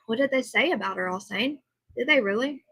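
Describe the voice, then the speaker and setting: A woman hosts a casual livestream, talking easily and answering her viewers as she goes. She sounds tired, but her voice stays bright and a little high. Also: animated, a little fast, slightly rough, poor audio. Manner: chatty, reads and answers viewer comments. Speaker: livestream host.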